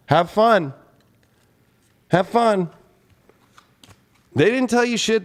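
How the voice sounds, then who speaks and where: High-voiced man in an angry livestream rant. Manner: angry, profane, heated. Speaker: astrologer and tarot reader hosting his channel.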